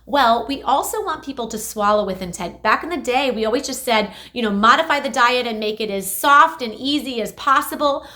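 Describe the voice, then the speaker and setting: A woman speech therapist talks through exercises for patients, energetic and emphatic. Her voice sits a touch high and sounds bright and forceful. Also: brisk, few pauses. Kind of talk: instructional health video.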